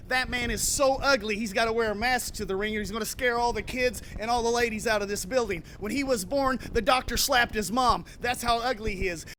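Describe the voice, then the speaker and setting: A man's voice: very high voice, pushed and bright, slight background noise. A man playing a goofy, eye-poking Stooge-style wrestler in a brash, boastful promo with nasal squeals. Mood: mocking. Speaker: pro wrestler.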